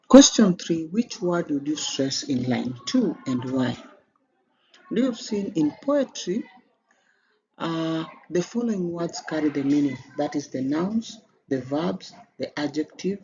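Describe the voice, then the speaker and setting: A man with a Kenyan English accent teaches an exam revision lesson, explaining step by step and lifting his voice emphatically at each new question. His voice is fairly high, expressive, unhurried and a little mellow. The recording sounds slightly dull, with faint background noise.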